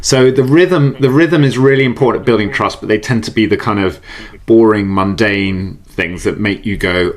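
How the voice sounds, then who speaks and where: A middle-aged man chatting as a podcast guest, animated and quick to laugh, often repeating words as he restarts. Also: fairly low pitch. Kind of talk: casual interview chat.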